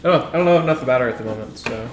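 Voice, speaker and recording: A man's voice: medium pitch, expressive, racing, reverberant. A man playing in a tabletop game, talking through his moves and thinking aloud. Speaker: player. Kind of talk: casual tabletop play.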